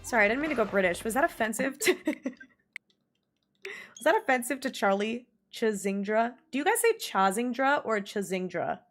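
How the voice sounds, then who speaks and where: A young woman in her twenties streaming, chatting casually with viewers in a bubbly, giggly way, her pitch jumping up often. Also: big pitch swings, moderate pace, pauses often. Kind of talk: casual livestream chat reading viewer messages. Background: faint music.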